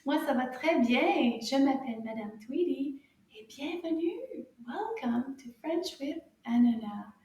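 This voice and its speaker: A woman with a high, bright teacher's voice leads a children's French lesson. She talks slowly and in a sing-song way, stretching each sound for little learners. Her voice rings in a strongly echoing room, picked up from a little way off the mic. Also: lively intonation, distant mic. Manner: slow, sing-song, encouraging, exaggerated enunciation.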